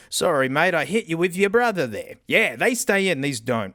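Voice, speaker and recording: A man's voice: high-pitched, wildly swooping pitch, normal speed, hardly any pauses, a bit bright, faint music behind. An Australian man reviewing earbuds in a blunt, joking, casual way, often saying mate. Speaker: headphone reviewer.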